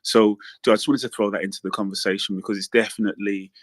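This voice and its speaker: Earnest English man with a low voice. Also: flat delivery, fast. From England. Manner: earnest, thoughtful, restarts often. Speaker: guest caller. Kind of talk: casual chat.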